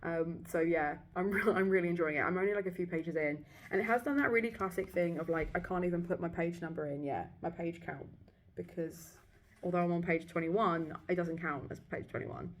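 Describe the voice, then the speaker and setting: A woman's voice: lowish voice, fairly quick, a little hiss or hum. Give me a young British woman chatting casually on a vlog, sarcastic and full of swearing. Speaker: book vlogger. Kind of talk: casual chat. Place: hotel abroad.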